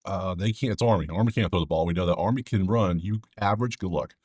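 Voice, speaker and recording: A man's voice: low voice, fast, a little mellow, slightly rough, no room sound, clean studio sound. A man hosting a casual sports betting breakdown, rambling with joking asides to his viewers.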